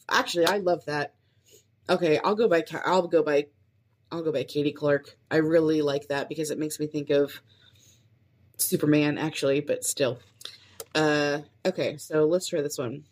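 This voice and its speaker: A young woman in her twenties, hoping to host a podcast, records herself alone testing intros. Her low, mellowish voice holds a steady tone at a moderate pace as she tries upbeat greetings and then thinks aloud, commenting on each one.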